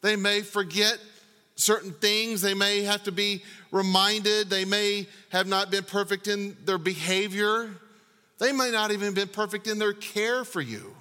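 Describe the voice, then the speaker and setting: A man preaching with a bright, ringing edge and a voice pitched a little high for a man. He drives his points home with rhetorical questions and drops from full volume to near hush. His words trail off into the long echo of a big church sanctuary. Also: fairly even intonation, a little slow, smooth. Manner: emphatic, with rhetorical questions and swings from loud to hushed. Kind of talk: sermon. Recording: long reverb of a large hall.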